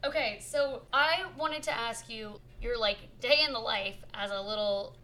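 Playful young woman podcast host, bright. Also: a little high, a little slow. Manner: playful, teasing, laughs often. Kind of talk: casual podcast chat.

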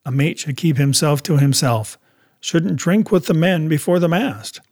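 A man's voice: a little high, unhurried, darkish tone. A man voicing a blunt, stern ship captain in an audiobook, speaking firmly and directly. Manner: firm, clipped and direct. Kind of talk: audiobook character reading.

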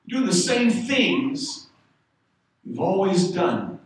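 A man preaching a sermon, telling a story and building to loud shouted exhortation. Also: high voice, sing-song, slow pace. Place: church sanctuary. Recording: echoey room, speaker far from the mic.

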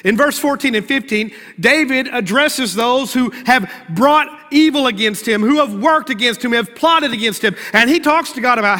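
A man's voice: very high-pitched, animated, normal speed, hardly any pauses, pushed and bright, in a large hall. A male pastor delivering a sermon in a conversational style, acting out prayers and playful asides.

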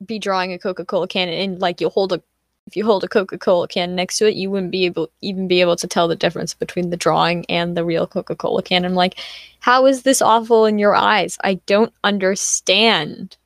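A woman's voice: on the low side, fast, no echo, clean studio sound. Chatty woman telling stories. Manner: chatty, animated storytelling with acted-out quotes. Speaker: student co-host. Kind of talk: casual chat.

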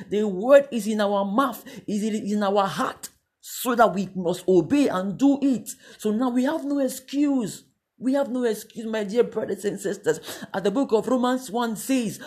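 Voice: mid-range voice, darkish tone, husky. A preacher giving a sermon, exhorting the listeners with repeated questions and refrains that rise into fervent calls. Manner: repetitive exhortation, rising to fervent repeated cries.

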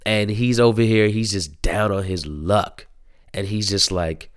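A man's voice: fairly low pitch, a little slow, smooth, no room sound, clean studio sound. A man in his thirties chatting casually about a show, rambling with lots of fillers and restarts. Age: 30s. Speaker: show reviewer. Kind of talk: casual chat.

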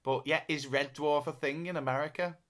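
Bright-voiced man chatting. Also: on the high side, fairly even intonation, brisk. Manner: rambling storyteller with frequent restarts. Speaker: podcast co-host. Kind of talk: casual chat.

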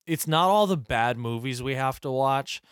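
A man's voice: mid-range voice, expressive, normal speed, clean tone, no echo, clean studio sound. A man co-hosting a casual podcast who is blunt and sardonic and swears a lot. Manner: blunt, profane, sardonic ranting. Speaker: podcast co-host. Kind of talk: casual chat.

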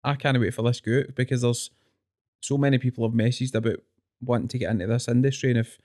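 Male podcast host, mid-pitched, dry close sound, short encouraging replies. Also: fairly even intonation, fast talker, darkish tone, no echo. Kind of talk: casual chat.

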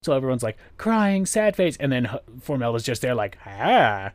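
A man's voice: mid-range voice, very animated, a little mellow, no echo. Male podcast host, casual, profane, chatty, dry close recording. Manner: chatty, profane, acts out quick impressions.

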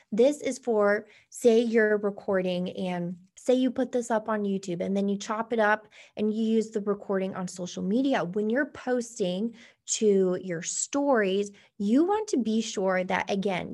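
A woman presenting on-camera tips in a relaxed, instructional tone. Her voice has a gravelly, fry-tinged texture, and she swings her pitch up and down with purposeful pauses. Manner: lively, varied inflection with deliberate pauses. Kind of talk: casual instructional talk to camera. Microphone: camera facing the speaker.

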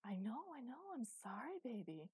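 A woman reading an audiobook, voicing a gentle, easygoing young father who teases softly. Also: a little high, very animated, moderate pace, slightly rough, no echo, studio quality, pitched above the performer's own voice.

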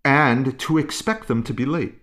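A man explaining parenting ideas in a calm, musing way, pausing and restarting as he thinks. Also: medium pitch. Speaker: parenting expert guest. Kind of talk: conversational explanation.

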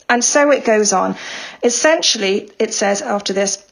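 A woman's voice: mid-range voice, moderate pace, gravelly. A woman co-hosting a casual discussion podcast, introducing and reading out statements with chatty asides. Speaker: podcast co-host.

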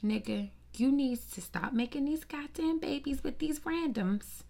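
A woman ranting in a casual, profane gossip monologue, sassy and animated, with lots of rhetorical questions. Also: high voice, measured pace, gravelly, few pauses. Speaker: commentator. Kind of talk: casual celebrity gossip rant.

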